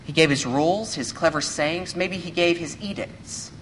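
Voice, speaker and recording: A man serving as a pastor, giving a sermon to a church congregation in an earnest, measured way, often posing rhetorical questions. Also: on the high side, fairly bright tone, a little hiss or hum.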